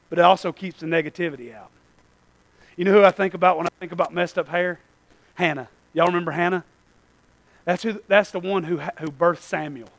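Male pastor, high gravelly voice, folksy preaching that swings between hushed and shouted. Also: dry recording. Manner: folksy, calls to the congregation. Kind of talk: sermon.

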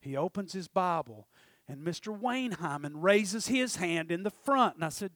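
A man preaching a testimony, storytelling with passion and swinging from loud to hushed. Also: high-pitched, animated, moderate pace, no echo. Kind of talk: sermon testimony.

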